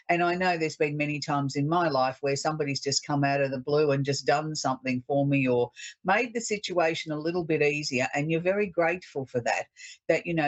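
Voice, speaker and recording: A woman's voice: low-pitched, highs cut off. Chatty Australian woman psychic host. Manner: chatty, reflective, uplifting. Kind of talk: solo radio talk.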